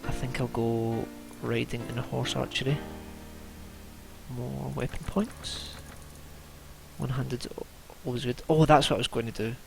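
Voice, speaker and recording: A young man chats and mutters through his gameplay with a gravelly, creaky edge to his voice. Game music plays loudly underneath him the whole time, and he sounds like he is sitting in his bedroom at home. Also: medium pitch, fairly even intonation, unhurried. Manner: chatty, mutters to himself while playing. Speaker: let's play gamer. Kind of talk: casual gameplay commentary. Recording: game music loud behind.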